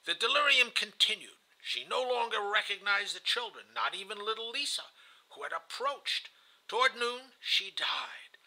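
A man's voice: high-pitched, animated, normal speed, gravelly, pushed and bright, poor audio. A man reading a novel aloud in the first person, earnest and confessional. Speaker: audiobook reader.

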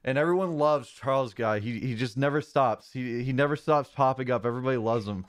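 A young man streaming a game, talking in a deadpan, joking and rambling way. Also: medium pitch, a little fast. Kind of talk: casual gameplay chat.

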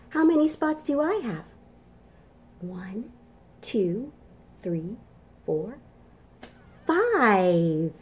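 A woman's voice: lowish voice, very animated, extremely slow, pauses often. A woman children's librarian leading a toddler storytime from her home kitchen, cheerful and sing-song as she talks to small children.

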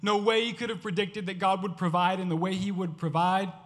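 A male youth pastor preaching a sermon to students with impassioned, repetitive exhortation, swinging from loud urging to hushed storytelling. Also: high voice, flat delivery, brisk, long reverb tail.

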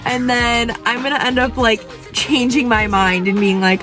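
Peppy young woman chatting to her viewers, voice a bit on the high side, music going underneath. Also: moderate pace. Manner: bubbly, chatty, eager. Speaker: vlogger host. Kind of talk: casual talk to camera. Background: background music.

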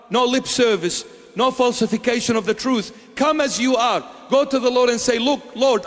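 A man's voice: high voice, in a large hall. A man preaching a sermon as a bishop, emphatic, firing off repeated rhetorical questions.

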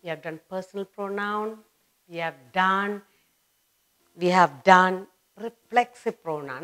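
A woman with an Indian English accent teaching grammar, saying words slowly and repeating them for learners. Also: mid-range voice, fairly bright tone. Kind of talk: slow classroom explanation.

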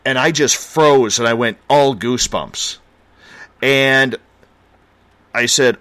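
A man's voice: mid-range voice, a little slow, a bit bright. A man from Canada hosting a late-night radio show, chatting and telling a story in a joking, easygoing way.

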